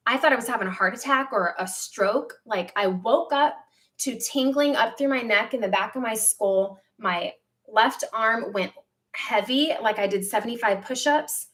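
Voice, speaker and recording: A woman in her thirties talks straight to her livestream viewers from home, with a slightly high voice. She tells a personal story candidly and acts out her own quoted lines with lively asides. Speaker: livestream host. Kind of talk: casual livestream chat.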